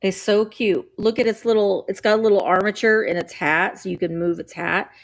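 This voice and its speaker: A woman's voice: mid-range voice, fairly even intonation, fairly quick, gravelly. A woman chatting casually while running a live vintage auction, bubbly and playful with sing-song noises.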